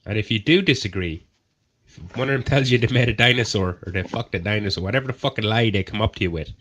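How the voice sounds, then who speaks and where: A man's voice: lowish voice, fast, a bit bright, dull audio, a little hiss or hum. A man on a livestream panel talking crudely and at length, acting out people he mocks. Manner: crude, rambling, acts out people in mocking voices. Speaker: panel member on a livestream chat show. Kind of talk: casual chat.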